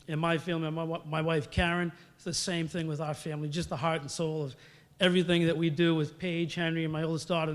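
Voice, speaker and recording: Middle-aged man, rambling storyteller at a podium, slightly high voice, big hall echo. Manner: rambling, storytelling, many fillers. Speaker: hall of fame inductee. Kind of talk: acceptance speech. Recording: long reverb of a large hall.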